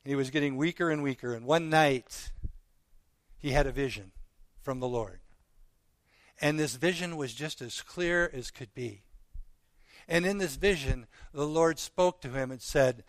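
A man preaching, telling a parable with earnest, slow dramatic pauses. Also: a little high, no room sound. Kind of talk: sermon storytelling.

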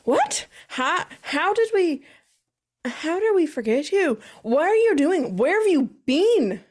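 A woman voicing an excitable, nervous young woman who fires off loud questions. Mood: excited. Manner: high and loud, rapid questions.

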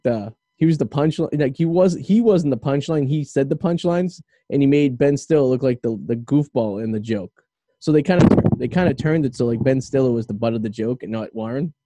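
Dark-voiced rambling male radio host. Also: mid-range voice, no echo. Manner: rambling, loose, filler-heavy talk. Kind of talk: casual chat.

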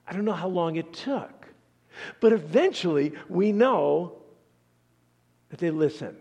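A male pastor preaches slowly and dramatically, his voice gravelly and husky, swinging from hushed lows to bold highs. His words carry the long reverb of a large church sanctuary. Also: expressive. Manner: dramatic, questioning, drops to near whispers then rises. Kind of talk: sermon.

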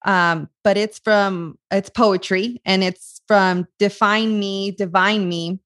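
A woman's voice: mid-range voice, steady tone, takes it slowly, fairly bright tone, no echo. Gushing emotional woman podcast host. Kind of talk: casual interview over video call. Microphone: video call audio.

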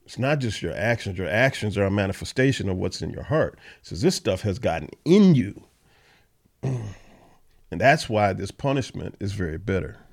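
Reading Bible verses aloud and then explaining them plainly, this podcast host talks like he's chatting with a friend. His voice sits on the low side, expressive, at a moderate pace.

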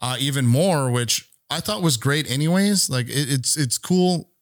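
A man's voice: a little high, lively intonation, measured pace, dry recording, clean studio sound. A man on a podcast telling a long story in casual chat, rambling and swearing freely as he acts out what people said. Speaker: podcast co-host.

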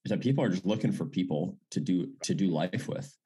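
Husky guy, pastor, rambling chat, lots of restarts and likes. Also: low voice, expressive, a little fast, warm tone. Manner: rambling, many restarts and "like" fillers. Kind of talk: casual conversation.

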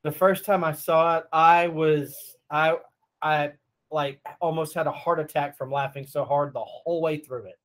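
A man's voice: on the high side, steady tone, normal speed, fairly bright tone. A man co-hosting a podcast in casual chat, enthusiastic and laughing easily.

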